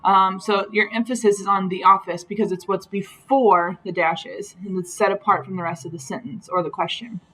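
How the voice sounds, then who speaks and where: A woman's voice: medium pitch, steady tone, a little fast, few pauses, fairly bright tone, soft background music, poor audio. A woman teacher talking through grammar slides in a patient, explanatory way, with frequent ums. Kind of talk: recorded slide lesson.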